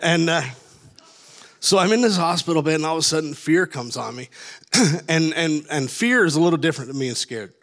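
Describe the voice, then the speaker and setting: A man's voice: on the high side, brisk, a bit bright. A middle-aged man from Canada telling a long personal story in a casual, rambling way, with many restarts and laughs at his own tale.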